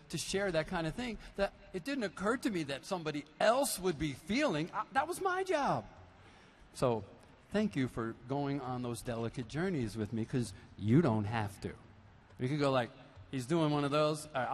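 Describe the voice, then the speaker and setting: A male musician on a concert stage, telling stories in a fairly high voice. His talk is animated and full of playful asides. It is picked up live, with long reverb from the big arena and a faint hiss behind him. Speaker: percussionist addressing a concert audience. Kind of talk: stage talk between songs. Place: large basketball arena used as a concert hall.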